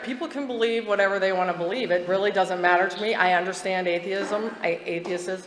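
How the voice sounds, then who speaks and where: A woman's voice: mid-range voice, steady tone, moderate pace. A woman giving personal testimony at a twelve-step meeting, talking in a candid, chatty way, laughing often and restarting her sentences. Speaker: recovery meeting speaker. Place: meeting hall. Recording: echoey hall, faint background noise.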